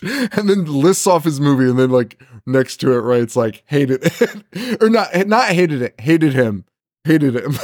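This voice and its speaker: A man's voice: fairly high pitch, a little mellow, dry recording, studio quality. A man co-hosting a horror movie podcast in casual chat, laughing often and swearing as he rants. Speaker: podcast co-host.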